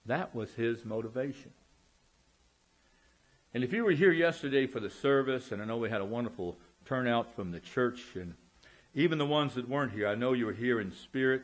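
A man preaching a sermon as pastor in a church, emphatic and drawing out key words, calling out for amens. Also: mid-range voice. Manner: emphatic, slow drawn-out words, calls out for amens. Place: church sanctuary.

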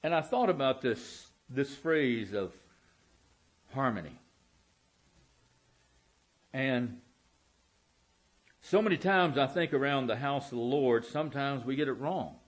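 A man's voice: medium pitch, lively intonation. A man preaching a sermon as pastor in a church, emphatic and drawing out key words, calling out for amens. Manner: emphatic, slow drawn-out words, calls out for amens. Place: church sanctuary.

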